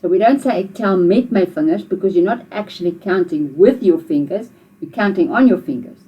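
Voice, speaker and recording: A woman's voice: lowish voice, animated, brisk, husky, highs cut off. A woman with a South African accent teaching a video language lesson to children, patiently repeating phrases for learners to say back.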